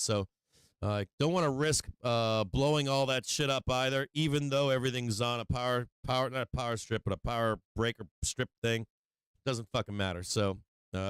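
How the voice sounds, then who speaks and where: A man hosting a live stock market stream from his home office, swearing constantly and talking in an agitated, rapid-fire way. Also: mid-range voice, fairly bright tone, clear, resonant tone, dry recording. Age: adult with children. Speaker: stock market livestream host. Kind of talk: live market commentary to viewers.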